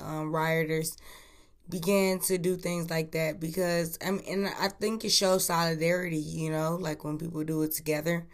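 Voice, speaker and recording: Foul-mouthed woman podcast host. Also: fairly low pitch. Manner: profane, lively, laughing. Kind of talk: casual news chat. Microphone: iPhone.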